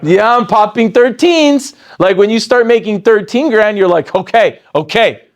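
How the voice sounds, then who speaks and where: A man in his forties with a high voice gives a lively motivational training talk. He punches up his excitement with sudden jumps in pitch, then drops low and calm when he quotes someone else. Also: normal speed. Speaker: sales training speaker.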